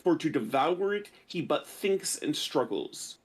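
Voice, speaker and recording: A man reading translated classic verse aloud at a measured pace, then chatting casually as the discussion host. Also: a little high, very animated, a little hiss or hum.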